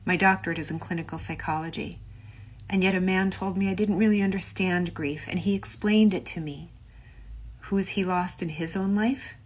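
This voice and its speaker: A middle-aged woman, a clinical psychologist, speaking in a steady, composed way. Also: lowish voice, normal speed. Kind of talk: measured personal testimony.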